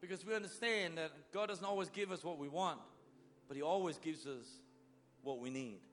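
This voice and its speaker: A male preacher delivers a sermon at a moderate pace, swinging between loud bursts and soft, low lines as he acts out biblical figures.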